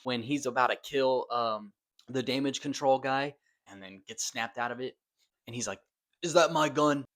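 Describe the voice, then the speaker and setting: A young man giving a casual, excitable movie review, full of swearing and slang. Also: mid-range voice, normal speed.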